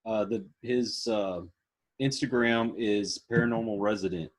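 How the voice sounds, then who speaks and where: A man's voice: lowish voice, steady tone, measured pace. A man with a Texan accent hosting a casual interview, friendly and a little rambling. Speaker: podcast host.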